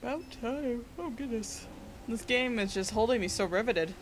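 A woman's voice: on the high side, moderate pace, a little hiss or hum. A woman co-hosting a casual let's play, chatting about the game with dry, sarcastic jokes. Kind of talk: casual gameplay commentary.

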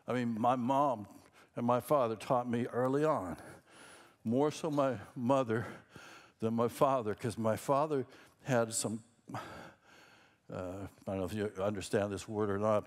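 A middle-aged man from Minnesota preaching a sermon as senior pastor, conversational and rambling, with self-deprecating asides. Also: medium pitch.

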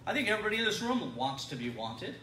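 A middle-aged man leads a Bible study in a congregation room, teaching sermon-style in a folksy, conversational way with repeated words and frequent laughs. His voice is high-pitched, fast, and sharp with big pitch swings, heard off-mic and far away in an echoey room with slight background noise.

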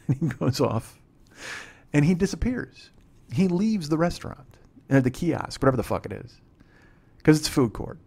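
A man's voice: fairly high pitch, creaky, a little mellow, husky. A male comedian hosting a podcast, telling a rambling story in a profane, self-deprecating way.

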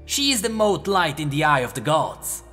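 A shrill, crackling old crone seer, frantic and cryptic, as a man puts her on. The voice leaps high and swings wildly up and down, spitting out riddles in a story narration. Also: big pitch swings, normal speed, pushed and bright, soft background music, exaggerated voice.

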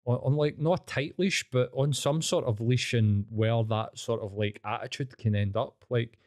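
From Scotland, this man in his thirties talks with a Glaswegian accent, a medium pitch, a normal pace, and a slightly mellow tone, captured cleanly in a studio without echo. As a podcast guest he rambles through candid, profane, blunt stories, often restarting.

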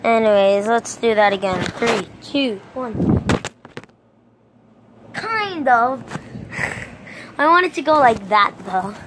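A woman chatting into her phone outdoors in a casual vlog, her voice high and swooping all over. She talks slowly, with playful sound effects and sudden excited yelps. The recording is noisy, with thunder and rain behind her. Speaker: vlogger. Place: outdoors in a storm. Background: thunder and rain noise.

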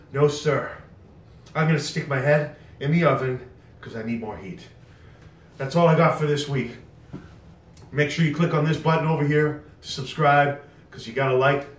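A man's voice: mid-range voice, roomy sound, recorded from a distance, a little hiss or hum. A man vlogging a food challenge to camera, breathless and strained from the heat, bragging between sighs. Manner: strained and breathless after eating hot food, boastful. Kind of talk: casual talk to camera.

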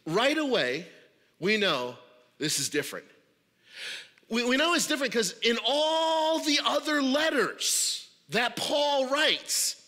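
A congested man preaching a sermon in an animated, stammering way, often repeating words. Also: extremely high pitch, long reverb tail. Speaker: pastor. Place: church auditorium.

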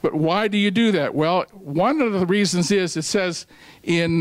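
The recording is rough, with no echo, as a high-voiced man delivers a sermon at a ministry meeting a little slowly. Along the way he tells a folksy story and a joke, quotes scripture, and restarts now and then.

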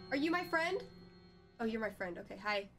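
A young woman streaming a horror game live, who screams, swears and jokes her way through the scares. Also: fairly high pitch.

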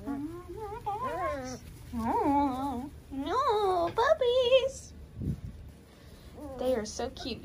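A woman, chatting to puppies in a gushing baby-talk voice that jumps high into squeals. Her pitch is high and swings widely. Puppy noise fills the background. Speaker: dog breeder vlogger. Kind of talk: casual chat with puppies. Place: puppy pen with dogs.

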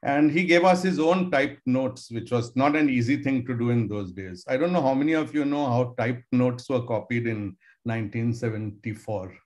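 A man's voice: mid-range voice, moderate pace, hardly any pauses, darkish tone. A man, a professor telling stories to students in a casual, musing way with many fillers. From India. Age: 60s. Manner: conversational, musing, with hedging fillers. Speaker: professor giving a talk. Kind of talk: storytelling lecture to students.

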